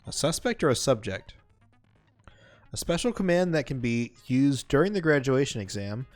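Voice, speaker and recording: A man's voice: medium pitch, big pitch swings, normal speed, faint music behind. A man streaming a game live, reading the game's text aloud and chatting casually between lines with lots of fillers. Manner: casual, rambling, many fillers.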